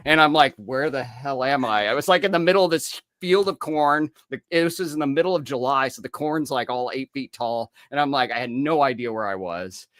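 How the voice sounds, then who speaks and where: A man speaks as a guest on a podcast, an author who coaches people through recovery. He talks in a reflective, easygoing way and chuckles as he recounts his own past. His voice sits at an ordinary pitch, and the sound is dry and close. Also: a little fast, few pauses, fairly bright tone, no echo. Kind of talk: casual interview chat.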